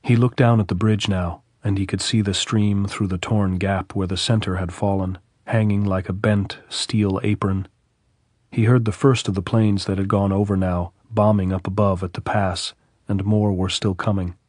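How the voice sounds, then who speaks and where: A man narrating a classic novel as an audiobook, in a steady, measured reading. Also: fairly low pitch, dry recording, clean studio sound.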